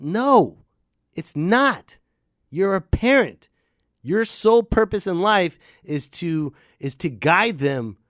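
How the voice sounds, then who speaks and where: A man's voice: a little high, a bit bright, no room sound, clean studio sound. A man ranting crudely and animatedly about parenting, now and then mocking others in put-on voices. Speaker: podcast host. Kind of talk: ranting monologue.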